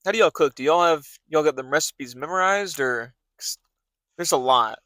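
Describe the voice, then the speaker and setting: A young man hosts a relaxed podcast chat, wandering through his points with plenty of "um" and "like". His voice sits a little high and sounds bright and forward. The sound is close and dry. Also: moderate pace, no echo. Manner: rambling, filler-heavy talk with many restarts. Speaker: podcast host. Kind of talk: casual chat.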